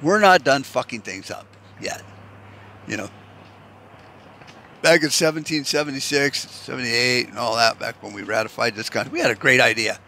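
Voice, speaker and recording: A man's voice: mid-range voice, normal speed, vocal fry, bright, forceful tone, a little hiss or hum. A man from the United States delivering a heated, rambling, profane rant and restarting his sentences often. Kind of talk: ranting monologue.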